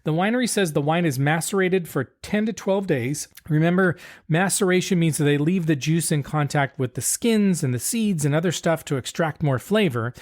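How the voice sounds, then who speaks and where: Laid-back man explaining as podcast co-host. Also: a little high. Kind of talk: casual podcast chat.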